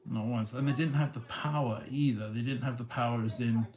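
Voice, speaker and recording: A man livestreaming from his phone on a tripod at home, talking in a halting, rambling way with many restarts. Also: mid-range voice, a little mellow. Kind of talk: rambling casual monologue. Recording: echoey room.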